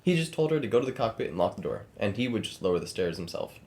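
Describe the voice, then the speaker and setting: Podcast co-host, male, brisk script reading, storyteller cadence. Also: lowish voice. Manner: quick, reads script in steady storytelling cadence. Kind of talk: casual podcast chat and read narration.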